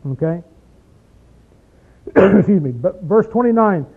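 A man preaching a sermon and reading scripture. He talks emphatically and folksily, asks the listeners lots of rhetorical questions, and slows right down to stress a verse. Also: sits high, expressive, narrow, tinny audio.

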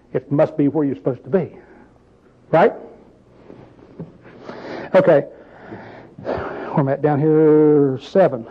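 High-voiced folksy male preacher. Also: highs cut off. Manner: folksy, asks the group questions, plain-spoken. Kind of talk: informal Bible-study sermon.

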